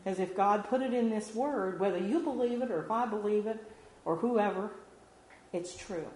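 A woman's voice: medium pitch, moderate pace, a little mellow. A woman giving an informal devotional sermon in a conversational, earnest way, with frequent fillers. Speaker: lay speaker giving a devotional. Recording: roomy hall with faint background noise.

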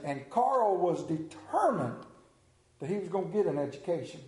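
High-voiced man preaching in an echoey room. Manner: lively, acts out quoted voices. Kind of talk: sermon storytelling.

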